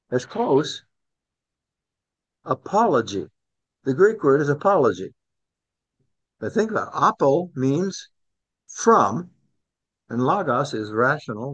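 A man's voice: mid-range voice, very animated, slow, long pauses, a bit bright, husky. A man teaching a Bible study class in a conversational way, often repeating words and asking the group questions. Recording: dull lo-fi recording.

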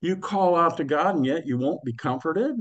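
A man's voice: fairly high pitch, animated, moderate pace, dull audio. A man preaching a sermon in a folksy, conversational way, with slang and asides to the listeners.

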